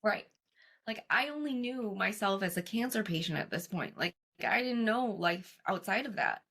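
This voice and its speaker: A woman's voice: medium pitch, lively intonation, normal speed, fairly bright tone. A young adult woman, a guest on an interview show, telling her story casually and animatedly, acting out what others said and laughing often. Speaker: guest, cancer survivor and coach.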